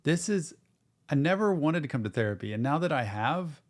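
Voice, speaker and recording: A man's voice: fairly high pitch, lively intonation, fairly quick. A middle-aged man, a therapist hosting a music reaction show, talking to viewers in an earnest, encouraging way. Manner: earnest, encouraging, talks directly to viewers, says "y'all". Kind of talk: casual reaction-stream commentary.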